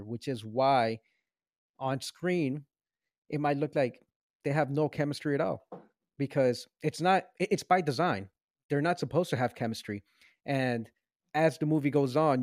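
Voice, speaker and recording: A man co-hosting a casual movie podcast, arguing his points in an animated, mock-serious way and laughing often. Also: mid-range voice, no room sound, clean studio sound. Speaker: podcast co-host. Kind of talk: casual movie review chat.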